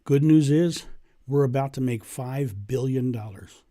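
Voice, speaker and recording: A hoarse man voicing a gentle, cautious old pope who speaks in a fatherly way. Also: mid-range voice, a little slow, close to an everyday voice. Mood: conspiratorial. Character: mild elderly male pope, gentle and cautious.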